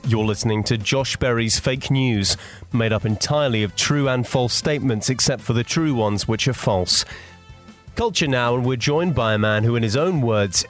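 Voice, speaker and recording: A man hosting a scripted comedy news show and asking questions in a dry, deadpan way. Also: medium pitch, normal speed, faint music behind. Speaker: host.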